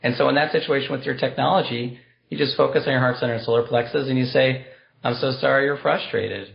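A man's voice: medium pitch, little pitch movement, quick pace, vocal fry, lo-fi sound. A man being interviewed on a podcast, explaining a compassion practice in an earnest, explanatory way with spiritual wording. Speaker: guest, compassion practice teacher.

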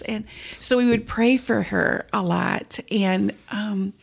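A middle-aged woman, a guest on an interview, telling stories in a tender, reflective way with many pauses. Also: mid-range voice, vocal fry, breathy edge. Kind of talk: interview conversation.

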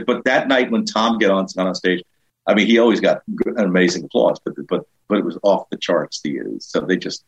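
A middle-aged man with a husky, lowish voice recounts his touring years in an interview. He acts out the people in his stories, his pitch shooting up for each quoted line. The sound is muffled and lo-fi. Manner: animated anecdotes, jumps high to act out quoted people. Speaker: comedian and author, guest. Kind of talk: casual storytelling interview. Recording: dull lo-fi sound.

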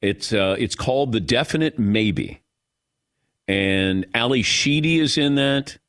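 Male radio host, casual and lively, close dry studio mic. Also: medium pitch, slow pace, clean tone, no echo. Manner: lively, laughs often, takes calls.

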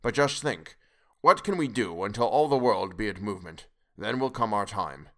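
A man voicing an elderly foreign professor in an audiobook, speaking in a measured, deliberate, lecturing way. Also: lowish voice, lively intonation, pushed and bright. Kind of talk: audiobook character reading.

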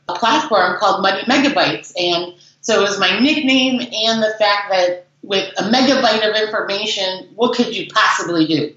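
A woman in her forties from the Chicago suburbs, chatting as an interview guest and telling stories with lots of fillers. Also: mid-range voice. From Chicago suburbs, USA. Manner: chatty, animated storyteller with fillers. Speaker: guest, business founder. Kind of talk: casual interview storytelling. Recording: very echoey, dull lo-fi remote audio.

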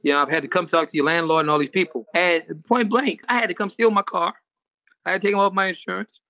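Fast, bright-voiced man telling a heated story. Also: high voice, fairly even intonation, no echo, highs cut off. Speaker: comedian guest. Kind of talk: casual storytelling.

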